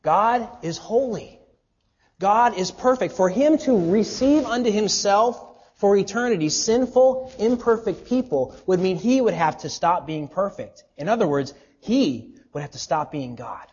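A man delivering a sermon as pastor, his voice pitched high and slightly husky. He preaches earnestly, pushing key words up with force and then dropping to a hush. The recording sounds dull and lo-fi. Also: expressive, measured pace. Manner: earnest preaching with emphatic rises and hushed drops.

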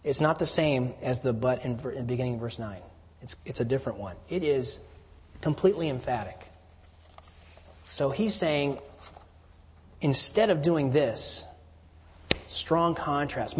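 A man preaching a sermon, moving from emphatic lines to hushed, near-whispered stresses. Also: medium pitch. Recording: long hall reverb.

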